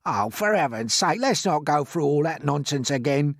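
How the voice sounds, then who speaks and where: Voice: medium pitch, lively intonation, moderate pace, dry recording, clean studio sound. A storybook reader voicing a gloomy, fretful male earthworm with a glum, complaining manner. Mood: exasperated.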